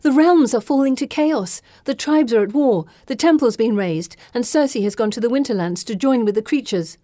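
A woman voicing an earnest teenage girl who speaks urgently and pleads, her voice raised and higher. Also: normal speed, dark tone, no room sound, studio quality, lightly acted.

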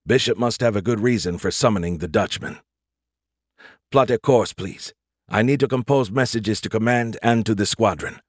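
A man's voice: lowish voice, moderate pace, slightly rough, no echo, clean studio sound. A man playing a senior colonel giving terse, matter-of-fact orders aboard a ship. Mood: terse command. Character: gruff male senior colonel commanding a ship.

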